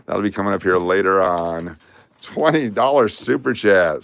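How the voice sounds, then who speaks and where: A man's voice: sits low, animated, moderate pace, creaky, a bit bright, clean tone, no echo. A man hosting a casual livestream, chatting in a rambling way and reading out viewer names and requests. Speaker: livestream host.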